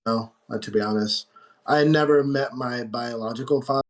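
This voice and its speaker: An American man guesting on a podcast speaks at an ordinary middle pitch. He is relaxed and candid about himself. Now and then he stalls, groping for a word. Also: normal speed. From United States. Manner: relaxed, candid, searches for words. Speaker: guest tattoo artist. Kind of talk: casual podcast chat.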